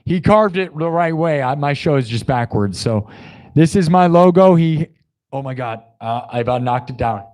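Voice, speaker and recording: Chatty male streamer, hoarse from yelling. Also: fairly high pitch, animated, normal speed. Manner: chatty, effusive, thanks viewers, swings between loud hype and quiet asides. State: sore throat from yelling. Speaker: live music streamer. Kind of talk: casual live-stream chat to viewers.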